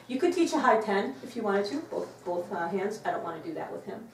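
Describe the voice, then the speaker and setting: A woman dog trainer explaining a trick to viewers, breaking off to praise the dog with a bright, loud voice. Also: medium pitch, animated, brisk, few pauses, a little hiss or hum. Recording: roomy, from some distance, faint clicks.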